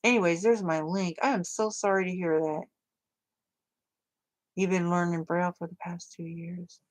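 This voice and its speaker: A woman's voice: on the low side, steady tone, moderate pace. A woman rambling chattily to viewers of her livestream, full of fillers. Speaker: crafting livestream host. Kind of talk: casual livestream chat.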